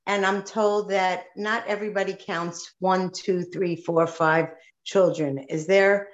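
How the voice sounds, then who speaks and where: A woman's voice: fairly low pitch, steady tone, slow. A woman who is a teacher, asking the rabbi a question from the audience. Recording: distant, roomy, dull audience mic.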